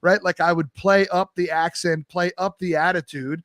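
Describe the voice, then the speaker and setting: A man from New York with a New York accent hosting a casual conversational interview, animated and quick to laugh. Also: high-pitched, no room sound, studio quality. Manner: animated, laughs easily, does playful impressions. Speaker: podcast host.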